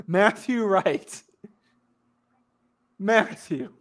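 Blunt, teasing man, slightly high voice. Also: lively intonation, extremely slow, a bit bright. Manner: teasing, blunt, swears freely. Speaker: podcast co-host. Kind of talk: casual chat.

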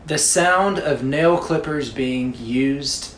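A woman's voice: sits low, slow pace. A woman co-hosting a podcast, steadily introducing segments and giving advice in casual chat. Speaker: podcast co-host. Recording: roomy echo with faint noise.

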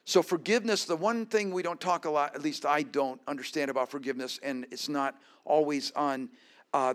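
Male preacher, fairly high voice, expressive scripture reading, casual asides to the congregation. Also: a little fast. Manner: expressive reading, rising to emphatic peaks and dropping to quiet reflection.

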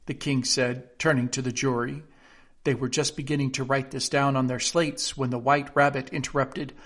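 A man narrating a classic children's book aloud in a steady, expressive storytelling manner. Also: mid-range voice, moderate pace, gravelly. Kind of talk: audiobook narration.

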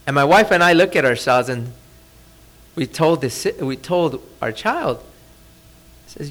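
A pastor preaching to his congregation in a relaxed, conversational way. His voice sits high for a man and moves a great deal in pitch. He keeps asking his listeners questions and sometimes sinks almost to a hush for emphasis. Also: measured pace, long pauses. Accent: Californian. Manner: conversational, asks the audience rhetorical questions; drops to a soft, hushed voice for emphasis. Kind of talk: sermon. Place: church.

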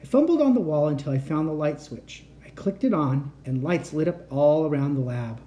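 A storyteller reading a children's chapter book aloud at bedtime. The voice is mellow and warm in tone, and its pitch moves a lot with the story. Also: moderate pace, slight background noise. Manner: animated, expressive reading.

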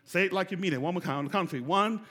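A man, preaching a sermon with call-and-response and building to shouts. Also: high-pitched, very fast. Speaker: pastor. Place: large church hall. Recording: reverberant church hall.

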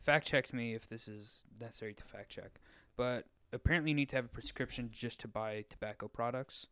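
Young guy on a podcast, smooth clear voice, dry close mic, opinionated and wry. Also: mid-range voice, brisk, no room sound. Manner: opinionated, wry, trails off quietly. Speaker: podcast co-host. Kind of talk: casual chat.

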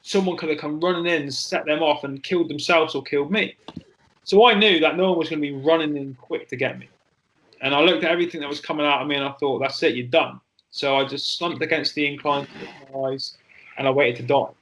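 A man in his forties recounts his story in a candid, halting way, full of fillers and the odd curse. His voice sits a little high for a man, with a forceful, bright edge. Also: fairly even intonation, poor audio. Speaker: interview guest, former soldier. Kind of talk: personal storytelling in an interview.

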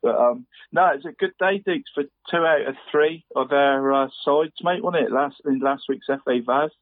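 A man's voice: mid-range voice, moderate pace, no room sound. A man co-hosting a podcast in casual chat, laughing often and calling everyone mate. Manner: chatty, laughs often, says "mate" constantly. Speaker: podcast co-host. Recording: tinny phone-like line, dry.

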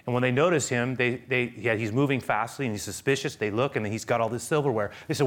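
A man preaching a sermon, retelling a story with passion; he swings from hushed talk to loud, high excitement. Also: quick pace, few pauses. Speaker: pastor.

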